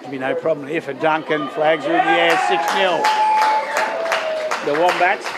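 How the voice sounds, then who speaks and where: Calling a rugby league match live outdoors, this man keeps a fairly even intonation at a moderate pace, though he gets higher and louder for big plays. There's heavy crowd and outdoor noise throughout.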